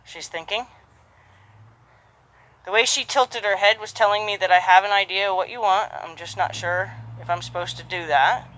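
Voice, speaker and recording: A horse trainer working a horse outdoors, speaking calmly and giving repeated soft praise while explaining each step. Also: mid-range voice, normal speed, low-quality recording. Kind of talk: live training commentary.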